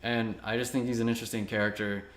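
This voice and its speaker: A young man co-hosting a casual movie review chat, rambling and relaxed, laughing easily. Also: mid-range voice, fast talker. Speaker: co-host. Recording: echoey room.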